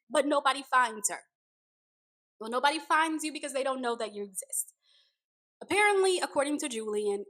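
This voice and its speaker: Female recap host, slightly high voice, conversational and thoughtful. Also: fairly bright tone. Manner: retells scenes with quoted dialogue, conversational and reflective. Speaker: reality show recap host. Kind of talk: casual commentary recap.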